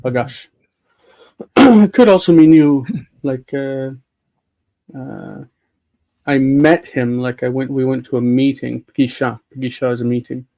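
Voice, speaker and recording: A man's voice: medium pitch, measured pace, long pauses, dark tone, poor audio. A man hosting a live Bible-reading discussion, patiently explaining grammar with many fillers. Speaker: host and Hebrew teacher.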